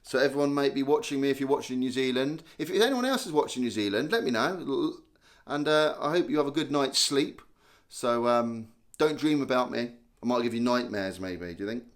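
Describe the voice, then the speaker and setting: A man's voice: mid-range voice, expressive, fairly quick. Chatty self-mocking man. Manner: chatty, self-mocking, reads viewer names aloud. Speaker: live stream host. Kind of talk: casual live-stream chat reading comments.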